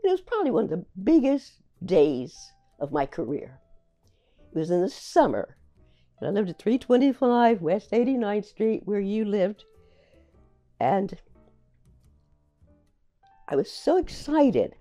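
An older woman, a playwright, recalling her career in a reflective, halting way, often repeating words as she remembers. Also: mid-range voice, very animated, warm tone, soft background music. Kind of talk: reflective personal storytelling.

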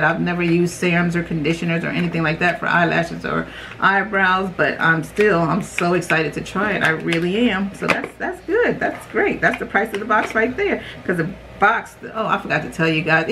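A young adult woman chatting casually while unboxing beauty products, rambling, her voice jumping high when she reacts. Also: a bit bright, a little hiss or hum, poor audio. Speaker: beauty vlogger.

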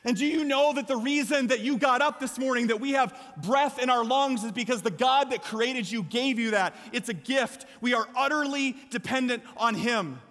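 A man with an American Midwestern accent preaching a lively sermon as a pastor, with emphatic bursts and shouts. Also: extremely high pitch, moderate pace, few pauses. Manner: energetic, emphatic preaching with sudden loud shouts. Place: large church sanctuary. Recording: long hall reverb from a church.

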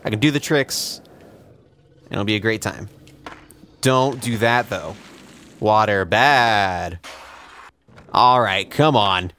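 A man's voice: on the low side, a little slow, long pauses, a bit bright, slight background noise. A young man giving sarcastic, profane, self-mocking commentary while playing a video game. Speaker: let's play host. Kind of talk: casual gameplay commentary.

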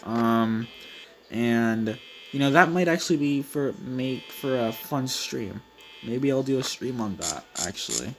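Young male gamer, mid-pitched, excitable rambling commentary, faint hiss. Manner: rambling, filler-heavy, jumpy and excitable. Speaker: gaming YouTuber. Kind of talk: casual let's-play commentary.

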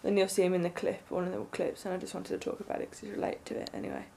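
A young woman vlogging, telling a story in an excited, rambling way with lots of fillers. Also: lowish voice, very fast, vocal fry, a little hiss or hum. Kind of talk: casual storytelling to camera.

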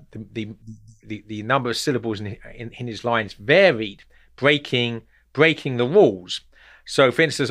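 A man's voice: medium pitch, fairly bright tone. A man hosting a talk on poetry, explaining unscripted and thinking aloud with many repeated words.

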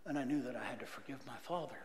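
A middle-aged man giving a church testimony, earnest, swinging from loud outbursts to near whispers. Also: mid-range voice, fast talker. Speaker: guest speaker giving testimony. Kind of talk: testimony sermon. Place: church sanctuary. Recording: echoey church hall reverb.

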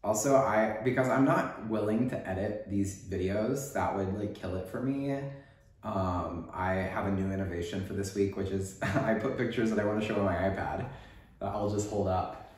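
A man's voice: on the low side, moderate pace, a little mellow. A man with a Texas accent hosting a casual knitting podcast, rambling and joking with a lot of "like" in his speech. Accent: Texan. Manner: rambling, chatty, joking, lots of "like". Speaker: podcast host. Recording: very echoey room.

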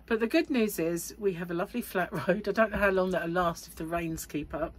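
Low-voiced chatty woman. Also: fairly quick. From United Kingdom. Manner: rambling, chatty, laughs often. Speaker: crochet vlogger. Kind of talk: casual chat to camera.

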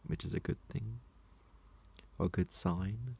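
A man giving a casual personal update, his slow speech constantly broken by blurted words, barks and meows. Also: on the low side, creaky, dark tone, breathy edge.

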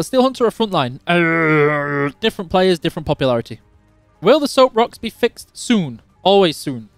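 A man's voice: sits high, no echo. Chatty male game streamer from Yorkshire. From Yorkshire, England. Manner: chatty, teasing, reads chat questions aloud. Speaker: game stream host answering chat. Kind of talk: casual live-stream chat while playing.

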